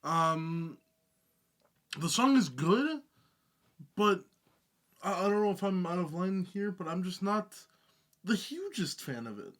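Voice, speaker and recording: A man co-hosting a music reaction video, talking hesitantly, with halting restarts and fillers. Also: high-pitched, big pitch swings, a bit bright. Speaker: reaction channel co-host. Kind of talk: casual reaction chat.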